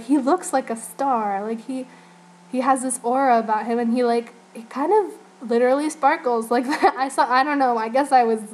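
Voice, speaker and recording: On a low-quality recording, a Northern Virginia fan vlogger in her youth chats casually, giggling and rambling with lots of "like" and "you know." Her voice sits on the high side with a darkish tone.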